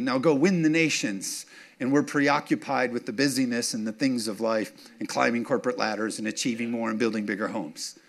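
Preaching a sermon in a mid-range, fairly bright voice, a pastor keeps asking his congregation if they're with him, call-and-response style. His delivery climbs to punchy, emphatic declarations.

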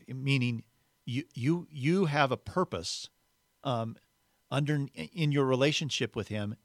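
A man's voice: mid-range voice, no room sound, clean studio sound. A man preaching a sermon in an earnest, conversational way, retelling scripture in plain everyday words. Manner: earnest, conversational, acts out the quoted voices.

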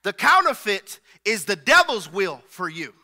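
A man's voice: high voice, big pitch swings, measured pace, bright, forceful tone. A man preaching a sermon who builds rhythmic repetitions and calls on the congregation to respond.

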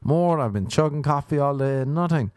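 A young Irish man with a fairly high, expressive voice and darkish tone hosts a solo podcast at normal speed, recorded dry. His monologue rambles and meanders through stories that make fun of himself.

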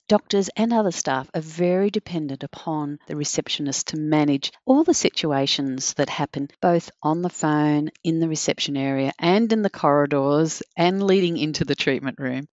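A woman's voice: sits low, darkish tone, dry recording. A woman as a podcast guest, sharing practical examples in a friendly, anecdotal way. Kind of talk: podcast chat. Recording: dry, slightly dull lo-fi recording.

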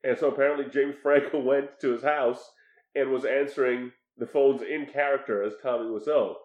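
A man's voice: mid-range voice, steady tone, normal speed. A man hosting a casual podcast chat, laughing often and steering the conversation. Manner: laughs often, leads the food review. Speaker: podcast host. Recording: roomy, slightly dull sound.

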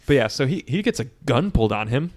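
A man in casual podcast chat, recapping a movie with lots of swearing and quick quoted voices. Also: medium pitch. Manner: profane, animated storytelling with quick quoted voices.

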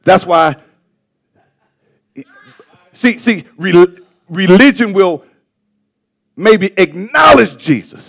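A male pastor preaching a sermon with passion, stumbling over words and swinging between loud bursts and soft asides. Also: high-pitched, lively intonation, drawn-out words, gravelly, long pauses.

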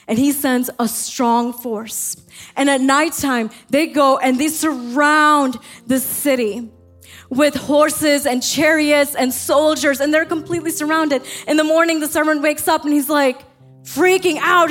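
High-voiced fervent woman pastor preaching. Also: steady tone, normal speed, faint music behind. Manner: fervent, rising into passionate exhortation. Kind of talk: sermon. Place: church sanctuary.

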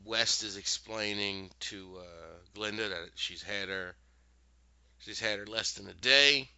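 A man with a lowish, sharp, forceful voice that is both gravelly and smooth recaps a show's plot in a casual, animated storytelling style, often dropping into quick character voices for the dialogue. The recording is dry with no echo, a bit dull and lo-fi.

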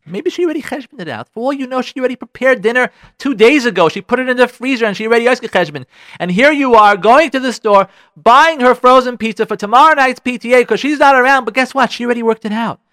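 A man's voice: very high voice, fast talker, dry recording, studio quality. A man hosting a radio advice show. He lectures on marriage in a preachy way and keeps acting out little scenes. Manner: animated, preachy, acts out scenes. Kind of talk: relationship advice talk.

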